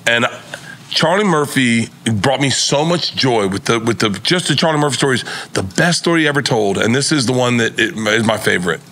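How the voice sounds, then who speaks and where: A man's voice: mid-range voice, lively intonation, brisk, a bit bright. A middle-aged man, a guest comedian, telling long rambling stories in a casual chat, swearing and laughing as he goes. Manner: rambling, laughing mid-story, profane.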